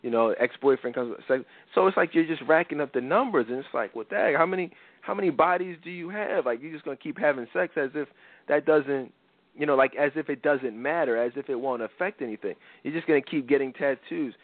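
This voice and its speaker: A young adult man hosting a radio advice show, talking casually to listeners and acting out quoted voices in animated jumps. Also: fairly quick, no echo. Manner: animated storytelling, acts out quotes with big pitch jumps. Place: radio studio. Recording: phone-like narrow radio sound.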